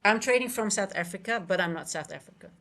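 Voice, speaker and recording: A woman's voice: medium pitch, fast, fairly bright tone. A woman from the Netherlands with a Dutch accent, talking casually on a live futures trading stream, answering chat and often correcting herself.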